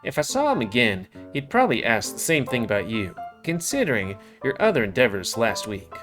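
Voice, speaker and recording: A man's voice: mid-range voice, huge pitch swings, a little fast, a bit bright, soft background music. A man voicing an unflappable female squirrel barmaid in a put-on Scottish accent, chirpy and clipped, reading a visual novel aloud. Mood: breezy. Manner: chirpy, clipped, says "aye" often.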